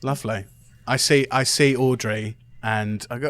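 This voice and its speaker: A man's voice: mid-range voice, steady tone, moderate pace, a bit bright, dry recording. Laid-back man playing a tabletop game. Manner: laid-back, narrates own actions. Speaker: player. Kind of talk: tabletop role-play.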